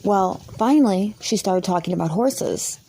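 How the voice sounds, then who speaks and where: A woman's voice: medium pitch, expressive, moderate pace, gravelly, mellow, husky. A woman vlogger telling an angry, rambling story to camera, swearing heavily and sounding indignant.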